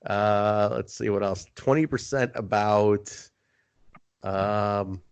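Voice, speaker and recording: A man's voice: on the low side, takes it slowly, clear, resonant tone, no echo. A man hosting a podcast, telling a story in casual chat, acting out other people's lines and swearing for effect. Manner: animated storyteller, swearing, acting out quoted voices. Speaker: podcast host.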